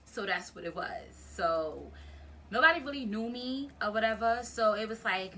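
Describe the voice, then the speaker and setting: Young woman vlogging a storytime, chatty and rambly, keeps saying like, bright voice, pitch right in the middle. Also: normal speed, a little hiss or hum. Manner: rambling, animated storytelling with many fillers. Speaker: YouTuber. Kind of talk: casual storytime vlog.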